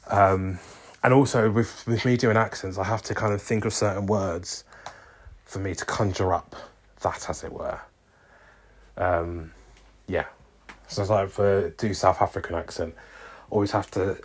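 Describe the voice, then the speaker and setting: Young guy vlogging, kinda low voice, lots of ums and restarts, just rambling on. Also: normal speed, pauses often, slightly rough. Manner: rambling, many ums and restarts, self-correcting. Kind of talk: casual chat to camera.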